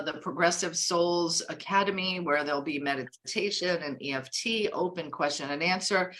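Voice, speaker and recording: Female call-in host, bright and punchy, lower-pitched, affirming. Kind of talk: live call-in show hosting.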